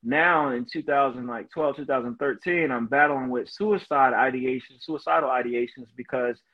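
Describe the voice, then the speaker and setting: A man's voice: medium pitch, moderate pace, dull audio. A man, a veteran, telling his personal story in an earnest, emotional way as a podcast guest, often saying "you know". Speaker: guest, Marine veteran and motivational speaker.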